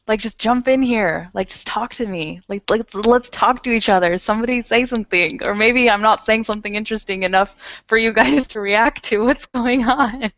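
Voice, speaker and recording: A woman's voice: a little high, moderate pace, a bit bright, no room sound, dull audio. A woman teaching an online English conversation class in a rambling, chatty way, laughing often, speaking through an earphone headset on a video call. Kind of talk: casual online class chat.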